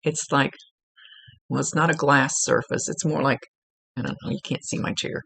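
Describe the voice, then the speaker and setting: Woman psychic medium, gravelly low rasp, dry close sound, chatty and rambling reading style. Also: steady tone, moderate pace, a bit bright, no room sound. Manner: informal, rambling, with many fillers and restarts. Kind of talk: one-on-one spiritual reading. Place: at home, seated.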